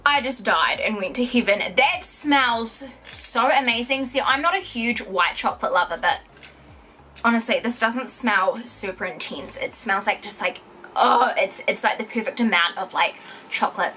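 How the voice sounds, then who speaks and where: A young woman, unboxing products in an excited, giggly vlog, exclaiming over each item. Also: on the high side, moderate pace, a little hiss or hum. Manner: gushing, giggly, keeps exclaiming.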